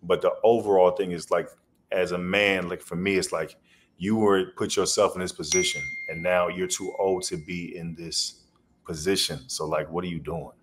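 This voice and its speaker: Deep-voiced man telling loose stories. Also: fairly even intonation, moderate pace, a little hiss or hum. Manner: loose, rambling storyteller with slang. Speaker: podcast guest, comedian. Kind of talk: casual storytelling interview.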